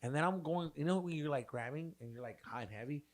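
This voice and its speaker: Profane, animated young man telling a story. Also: fairly high pitch, fast. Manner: profane, animated storyteller, mixes in Spanish slang. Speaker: podcast co-host. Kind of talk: casual storytelling chat.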